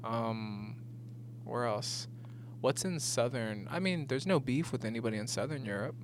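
A man's voice: mid-range voice, animated, moderate pace, slight background noise. A young man co-hosting a podcast, chatting casually, swearing often and mimicking voices for laughs. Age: young adult. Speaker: podcast co-host. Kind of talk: casual chat.

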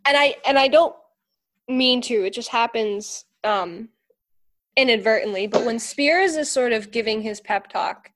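A woman's voice: on the high side, fairly bright tone. A woman co-hosting a casual chat, hesitant and full of fillers as she compares scenes. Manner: chatty, hesitant, filler-heavy. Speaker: podcast co-host.

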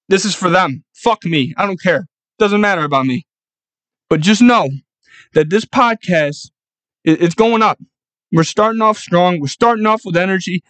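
A man's voice: high-pitched, moderate pace, a bit bright, dry recording. Profane, hyped-up young male podcast host. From New York. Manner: profane, rowdy, hyped-up ranting. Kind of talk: casual solo podcast monologue.

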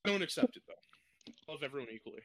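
A young man around twenty trading crude jokes on a podcast. His voice is very bright and sits fairly high, swinging up and down a lot as he talks. The sound is dry and close, with no room around it. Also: lively intonation, fast talker, no echo, rough recording. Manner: crude, joking banter. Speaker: podcast co-host. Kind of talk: casual podcast chat.

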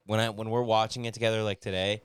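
A man's voice: fairly low pitch, little pitch movement, fast talker, clean tone, no room sound. A man on a casual podcast, agreeing with the others and swearing casually. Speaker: podcast guest.

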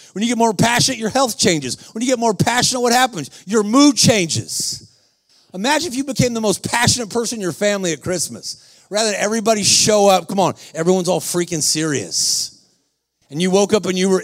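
A man preaching a sermon, telling stories in a slangy, fervent way that rises to shouts. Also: high-pitched. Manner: storytelling, rising to shouts.

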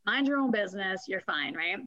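A woman's voice: mid-range voice, brisk, highs cut off, crowd noise. A woman who worked as a corrections officer and is a mother, telling stories casually and acting out the voices she quotes. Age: adult parent. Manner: animated storyteller, acts out quoted voices. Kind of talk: casual conversation.

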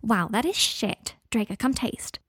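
A woman voicing a playful, teasing young woman in a storybook reading, sing-song and sometimes dropping to a hushed whisper. The recording is dry and close. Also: fairly high pitch, expressive, unhurried, slightly rough, dry recording, heavily acted.

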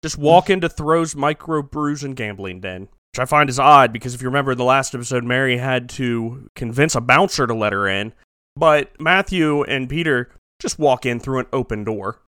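A man's voice: medium pitch, moderate pace, fairly bright tone, no echo, studio quality. A man co-hosting a comedy recap podcast, joking around and acting out characters in silly voices. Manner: jokey, acts out characters in silly voices, laughs often. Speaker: podcast co-host.

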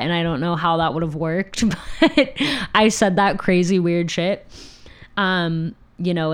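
Brief: low, smooth-voiced young woman, candid storyteller, swears freely. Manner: frank and profane, with laughs. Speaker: podcast host telling her own story.

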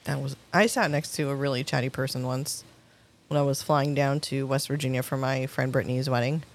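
A woman's voice: a bass voice, steady tone, fairly quick. A woman in casual podcast chat, telling stories in a chatty way and laughing often. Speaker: podcast co-host.

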